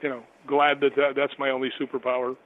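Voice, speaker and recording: A man telling stories in a relaxed, rambling way as a guest on a radio show, laughing often. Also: mid-range voice, fast talker, slight background noise. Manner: chatty, rambling, laughs often, animated when astonished. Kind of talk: casual storytelling on a call-in radio show. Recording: tinny phone line.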